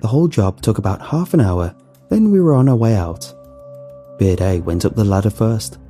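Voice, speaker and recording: A man's voice: lowish voice, animated, normal speed, warm tone, slightly rough, soft background music. A man narrating a first-person horror story in a wry, nervous storytelling manner.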